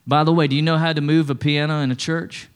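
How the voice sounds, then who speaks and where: Conversational pastor preaching, higher voice. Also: male voice, flat delivery, fast, clean tone. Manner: conversational preaching with call-and-response and humor. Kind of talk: sermon. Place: church sanctuary stage.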